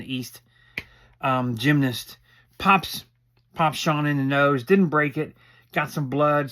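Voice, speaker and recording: Man, middle-aged, casual recap commentary, rambling, opinionated, mid-pitched voice. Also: bright, forceful tone. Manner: rambling and opinionated, acting out quotes.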